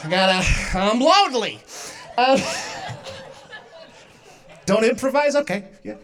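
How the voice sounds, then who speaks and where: A woman's voice: on the high side, lively intonation, slow pace. A young woman doing a stand-up comedy set, self-mocking and often laughing through her lines. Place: comedy stage.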